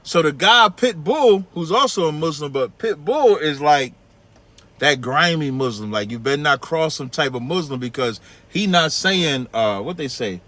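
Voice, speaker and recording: A man with a New York accent hosting a call-in radio show, telling a long story in casual talk and acting out the people in it. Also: moderate pace. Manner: animated, acts out quoted people in a much higher voice.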